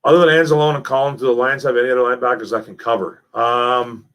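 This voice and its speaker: A young man hosting a casual live stream, reading chat messages and talking football in a lively, repetitive way, calling people man and bro. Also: mid-range voice, fast. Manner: animated, repeats himself, calls people man and bro.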